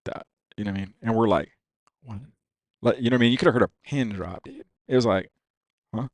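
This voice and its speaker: A man's voice: medium pitch, racing, dry recording. A man on a podcast telling a long personal story in casual, profane talk, full of "dude" and "you know what I mean.". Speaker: podcast guest.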